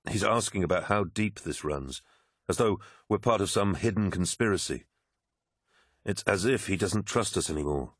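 A man's voice: sits low, moderate pace, slightly rough, no room sound, clean studio sound. A man voicing a worried, pragmatic male officer who pleads urgently in a raised voice in an audiobook. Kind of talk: audiobook character voice.

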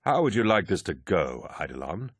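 A man's voice: low voice, very animated, moderate pace, slightly rough, no room sound, clean studio sound, exaggerated voice. Guy putting on a cocky soldier captain, mocking and barking, swings up and down a lot. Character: brash, insolent male warrior captain.

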